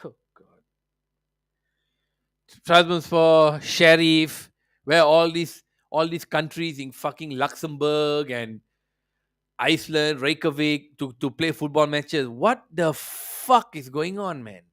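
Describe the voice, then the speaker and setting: A man's voice: a little high, measured pace, a bit bright, dry recording, studio quality. A man hosting a football podcast, delivering a profane, mocking rant. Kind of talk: ranting football commentary.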